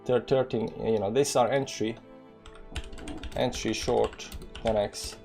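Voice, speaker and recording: With faint music in the background, a Balkan-accented man from the former Yugoslavia gives loose, filler-heavy live commentary on crypto trades, reading numbers aloud. His medium-pitched voice is steady, unhurried, creaky, and somewhat dark.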